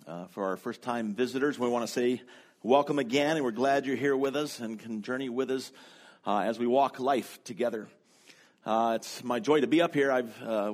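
Chatty, self-deprecating male pastor. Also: medium pitch. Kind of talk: sermon. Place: church sanctuary. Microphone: handheld microphone.

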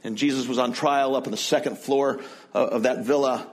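Storytelling preacher, middle pitch. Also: male voice, steady tone, brisk. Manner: storytelling, retelling scripture conversationally. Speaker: pastor. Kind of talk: sermon.

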